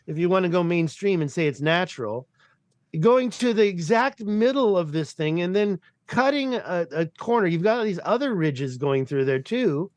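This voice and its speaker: Rambly excitable guy on a video call, kinda high voice, dry sound. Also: no room sound. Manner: rambling, excitable, swears casually. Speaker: podcast guest. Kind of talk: casual video-call chat.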